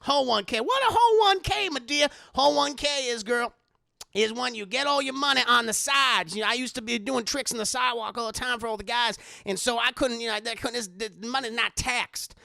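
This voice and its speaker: A man putting on the voice of a brash, foul-mouthed old woman who talks loud and sassy. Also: extremely high pitch, brisk, creaky, dry recording, clean studio sound, heavily acted.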